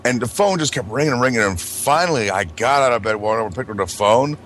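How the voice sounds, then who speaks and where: A man's voice: medium pitch, expressive, quick pace, a bit bright, a little hiss or hum. A man co-hosting a casual podcast who tells blunt stories full of swearing. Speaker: podcast co-host. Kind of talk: casual chat.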